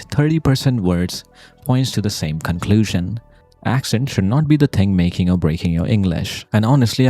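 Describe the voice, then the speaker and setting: A man from India with a light Indian accent delivering scripted commentary, deliberate and emphatic, full of rhetorical questions. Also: on the low side, warm tone, no echo. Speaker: video essayist.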